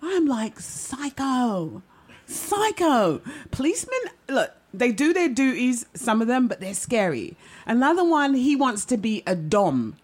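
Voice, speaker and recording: A woman's voice: a little high, normal speed. Chatty middle-aged woman telling dating stories. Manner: chatty, animated, keeps asking the audience "right?". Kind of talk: stand-up storytelling.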